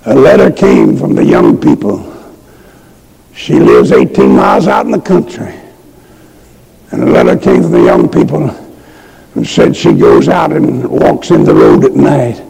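An older man preaching a revival sermon and altar call, impassioned, moving from hushed storytelling to shouted pleas, with a raspy voice. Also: rumbling low, huge pitch swings, unhurried, long pauses, poor audio.

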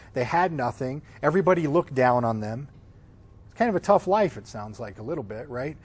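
Leading a Sunday school class on the Bible, a man with a voice on the high side keeps things informal and conversational. He often checks in with the group by asking "right?"

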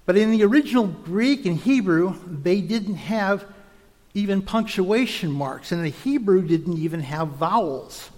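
A man with a high voice gives a measured teaching sermon, explaining step by step and sometimes restarting a word. His voice rings with a long reverb, as if in a large hall. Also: animated, a little mellow. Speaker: preacher.

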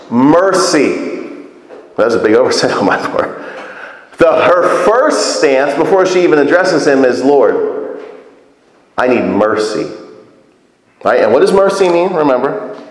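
Casual preacher in an echoey hall. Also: male voice, on the high side. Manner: conversational, animated, asks the congregation questions. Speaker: pastor. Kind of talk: sermon.

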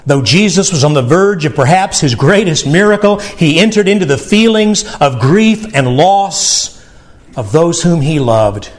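A middle-aged pastor delivering a heartfelt sermon in a slightly high voice. He speaks earnestly and tenderly, addressing listeners warmly and doubling back on words for emphasis. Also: expressive, a little slow.

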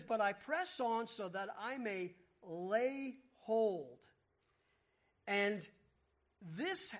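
An emphatic preacher works through a passage line by line, stopping to explain the meaning of words. The delivery leans on repetition and rhetorical questions, and the voice sits at a middle pitch. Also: a bit bright. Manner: explains Greek word meanings. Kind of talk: expository sermon.

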